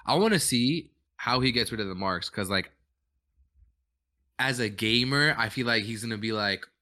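A man's voice: mid-range voice, normal speed, pushed and bright. A man co-hosting a podcast in casual chat, laid-back and tired, talking in gamer slang and swearing casually. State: yawning, tired. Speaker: podcast co-host.

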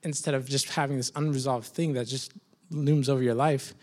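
A man's voice: medium pitch, steady tone, fairly quick, darkish tone. Thoughtful man sharing reflectively. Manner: thoughtful, searching, with hesitations. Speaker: group member sharing.

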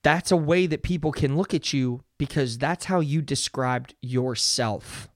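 On his solo motivational podcast, a young male host talks in an earnest, conversational way, frequently adding "right?" He has a mid-range voice and a slightly slow pace, recorded cleanly in a studio with no room sound.

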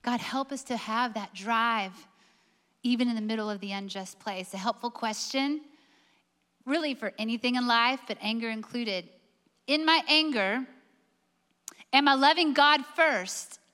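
A woman's voice: on the high side, measured pace, pushed and bright, in a large hall. A woman preaching a sermon, emphatic and full of rhetorical questions.

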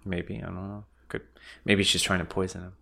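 A man's voice: sits low, little pitch movement, brisk, creaky, bright, forceful tone. A man co-hosting a podcast, recapping a film bluntly, swearing freely and correcting himself. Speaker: podcast co-host. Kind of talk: casual movie discussion.

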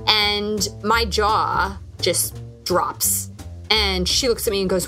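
A woman's voice: medium pitch, steady tone, takes it slowly, pushed and bright, faint music behind. A woman in her thirties, hosting a podcast, telling a candid, reflective personal story. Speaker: podcast host.

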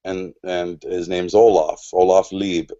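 A man with a low, mellow voice rambles through a personal story as a guest on a talk show. His delivery is casual and full of restarts, heard on a dull lo-fi recording. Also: level tone, a little slow. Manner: rambling, with many restarts and "you know"s. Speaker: podcast guest.

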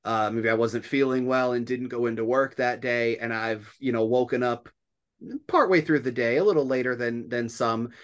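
A man's voice: medium pitch, steady tone, normal speed. A man hosting a podcast in casual chat, rambling and laughing often. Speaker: podcast host.

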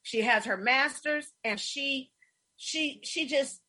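A middle-aged woman hosting a casual interview, telling stories with warmth and getting emotional, her voice husky. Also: high-pitched, takes it slowly. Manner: effusive, storytelling, emotional. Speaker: host.

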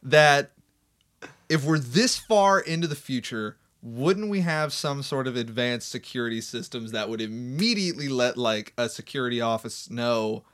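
A man's voice: mid-range voice, expressive, moderate pace, a bit bright. A man co-hosting a podcast in casual chat, rambling and jokey with frequent laughs. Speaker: podcast co-host.

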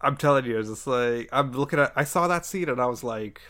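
Guy on a podcast with a bright sharp voice, jokey and rambling, mid-range pitch. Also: a little fast. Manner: laughs often, rambling and jokey. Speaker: podcast guest. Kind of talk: casual chat.

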